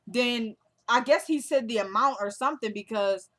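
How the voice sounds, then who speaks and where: In a relaxed recap vlog, a woman walks viewers through a TV episode, speaking right to them. She retells scenes and characters' lines in her own chatty style, sprinkling in lots of asides. Her voice is on the high side and a bit bright, at normal speed.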